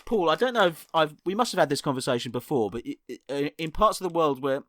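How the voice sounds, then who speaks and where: A man's voice: fairly high pitch, sing-song, fast, fairly bright tone, slight background noise. A man co-hosting a casual podcast, rambling enthusiastically through an explanation. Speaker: co-host.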